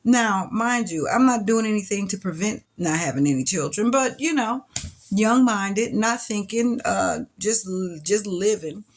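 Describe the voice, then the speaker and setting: A young woman recounting her past in an interview, with a mid-range voice. She talks loosely and chattily, full of fillers and restarts. Her voice jumps higher whenever she quotes her younger self. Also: animated, measured pace, slight background noise. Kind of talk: personal storytelling.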